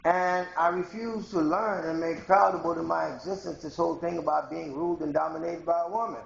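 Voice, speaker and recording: Male vlogger from Haiti, slightly high and gravelly, confrontational rambling rant, dull lo-fi sound. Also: fairly even intonation, a little fast, roomy sound, slight background noise. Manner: rambling, confrontational, addresses viewers directly. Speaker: video blogger. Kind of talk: ranting monologue to camera.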